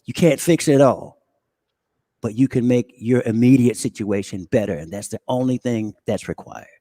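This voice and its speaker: A man appearing as a guest musician, speaking in a slow, reflective way. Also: mid-range voice, warm tone, no room sound. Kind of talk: interview talk.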